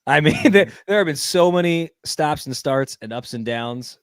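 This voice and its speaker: A man co-hosting a live tennis watchalong from home, reacting with jokes and emphatic, drawn-out remarks. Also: on the high side, animated, smooth, no room sound. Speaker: co-host. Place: home streaming setup.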